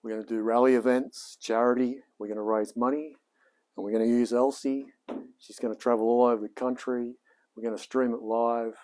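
On his live stream, a late-forties Australian home mechanic talks in a laid-back, meandering style heavy with slang. He has a mid-range, darkish voice with a level tone and a slightly fast pace.

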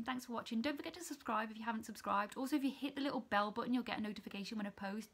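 A young woman in her twenties, a student nurse chatting casually and upbeat to her vlog audience. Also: a little high. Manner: chatty and upbeat, with quick run-on sentences. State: tearful with happy excitement.

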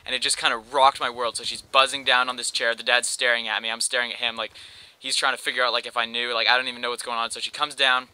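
A man rambles through a long joke story as a gaming commentator, leaning on "like" between every thought. His voice is strikingly bright and tense, and it comes through smooth and clear. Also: medium pitch, little pitch movement, fast talker, no echo, poor audio. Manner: rambling, heavy use of "like". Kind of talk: telling a long joke story over gameplay.

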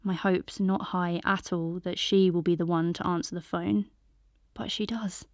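A woman narrating a first-person audiobook in a soft, intimate voice that often drops to a whisper. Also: fairly low pitch, fairly even intonation, moderate pace, no echo, clean studio sound.

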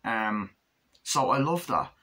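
A man's voice: big pitch swings, slow pace, noisy background. A man giving a casual, rambling film review, swearing often and acting out scenes. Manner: rambling, profane, acts out scenes in a higher voice. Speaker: movie reviewer.

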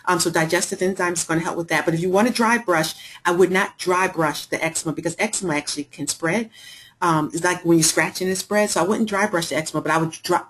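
A woman's voice: fairly low pitch, fast talker, fairly bright tone, a little hiss or hum. A woman hosting a live health webinar, talking in a chatty way and reading out and answering viewers' chat messages. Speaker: webinar host.

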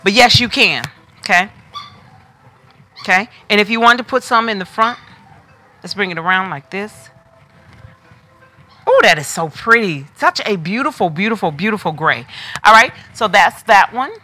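A woman's voice: medium pitch, animated, normal speed, long pauses, pushed and bright, soft background music. A woman hosting a live wig sales stream, chatting casually and talking straight to her viewers as she demonstrates pieces. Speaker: wig shop host selling on a live stream. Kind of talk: casual live product demo.

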